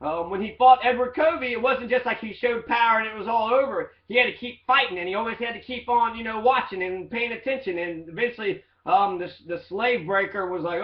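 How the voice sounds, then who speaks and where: A man with a fairly high voice talks casually, rambling and sprinkling in fillers and swearing. His voice bounces around an echoey room, and the recording sounds slightly dull and muffled. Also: fairly quick, few pauses. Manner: loose, profane, rambling with fillers. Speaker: teacher in training. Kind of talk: casual monologue reading quotes.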